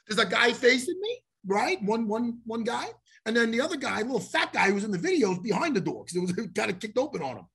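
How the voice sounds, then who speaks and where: Husky man, lively swooping delivery, profane casual storyteller who plays out every exchange. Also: extremely high pitch, fast talker.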